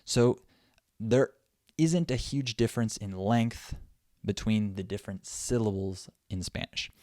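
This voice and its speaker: A young man teaching English in a podcast lesson, explaining and slowly repeating example phrases. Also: lowish voice, mellow, no echo, studio quality.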